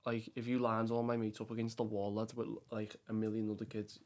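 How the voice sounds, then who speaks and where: A man's voice: lowish voice, completely flat delivery, a little fast, a little mellow. A man from Liverpool with a Scouse accent, talking bluntly in a casual podcast chat, swearing often and calling people lad. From Bootle, Liverpool, England. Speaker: podcast guest.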